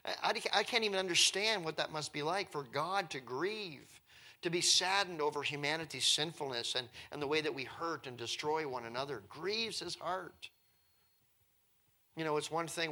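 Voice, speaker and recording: A man's voice: fairly high pitch, normal speed, pushed and bright. A man preaching a sermon as a pastor, earnest and conversational, with emphatic repetition.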